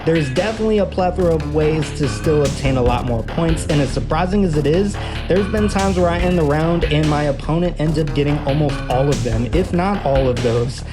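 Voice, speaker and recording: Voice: medium pitch, brisk, few pauses. A host casually reviewing a board game in an upbeat way, filling sentences with "kind of" as they explain the rules. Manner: upbeat, many "kind of" fillers. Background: background music.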